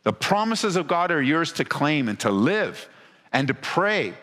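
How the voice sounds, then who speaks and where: Preaching to his congregation in a church hall, this man speaks in a somewhat high, very animated voice, a little slowly and slightly bright, with a big-room sound. His sermon is conversational, full of rhetorical questions and frequent restarts.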